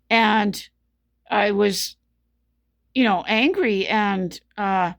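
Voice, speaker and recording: A woman telling her own story as a patient, in an earnest, frustrated way and with lots of repetition. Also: mid-range voice. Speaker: patient sharing her experience. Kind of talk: casual spoken commentary.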